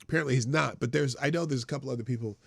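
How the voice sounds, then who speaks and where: A man's voice: mid-range voice, racing, gravelly, a bit bright, husky, dry recording. A man hosting a live stream, giving casual, sarcastic political commentary and thinking aloud.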